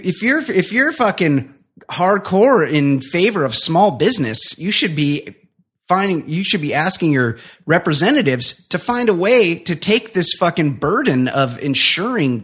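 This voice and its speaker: A man's voice: high-pitched, big pitch swings, a little slow, fairly bright tone, slightly rough. A man co-hosting a podcast, ranting bluntly and swearing through casual chat. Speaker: podcast co-host.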